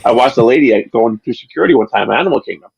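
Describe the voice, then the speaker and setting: A man's voice: medium pitch, lively intonation, racing, vocal fry, slightly rough, dry recording, rough recording. A man being interviewed about his channel, chatting casually on a livestream and telling long, rambling stories with many restarts. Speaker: channel creator, interview guest.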